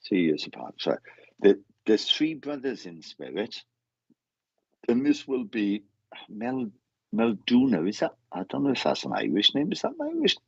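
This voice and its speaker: A man working as a medium during a live reading, relaying messages in halting bursts and often repeating words as he goes. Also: medium pitch, wildly swooping pitch, gravelly, breathy edge, no echo, muffled recording.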